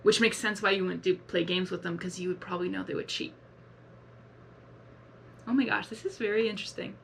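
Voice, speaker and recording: A woman hosting a casual live reaction video, talking excitably and rambling with many exclamations. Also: medium pitch, a little fast, vocal fry, slight background noise.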